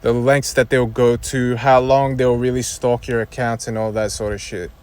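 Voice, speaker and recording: A man's voice: mid-range voice, flat delivery, moderate pace, a little mellow, clean tone. Exasperated young man ranting. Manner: exasperated, rambling, repeats himself, swears. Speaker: YouTuber. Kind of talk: casual rant to camera.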